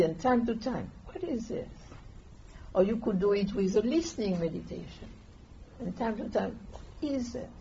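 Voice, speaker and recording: A woman, gently guiding a meditation class in an unhurried, soft-spoken way. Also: fairly high pitch. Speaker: meditation teacher. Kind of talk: calm meditation instruction. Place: meditation hall with listeners. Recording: dull lo-fi room recording with faint hiss.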